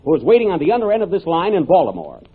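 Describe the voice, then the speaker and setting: A man's voice: fairly high pitch, huge pitch swings, very fast, breathy edge. A man hosting a radio comedy, playing a pompous, exasperated professor in 1930s radio acting style. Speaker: comedy show host playing Professor Bell. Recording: tinny noisy old radio broadcast.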